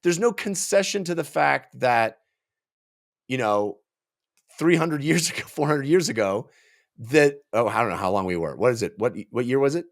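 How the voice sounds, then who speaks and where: Exasperated man ranting with lively pitch. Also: normal speed. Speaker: podcast co-host. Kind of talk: casual film review chat.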